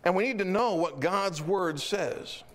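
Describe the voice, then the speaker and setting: A middle-aged man preaching a sermon as pastor, telling stories in an animated, emphatic way. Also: high-pitched, unhurried.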